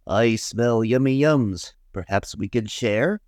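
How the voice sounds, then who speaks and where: A man's voice: medium pitch, takes it slowly, a little mellow, no echo, studio quality, close to an everyday voice. A man voicing a cheerful friendly badger. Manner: cheerful, inviting. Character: friendly generous male badger.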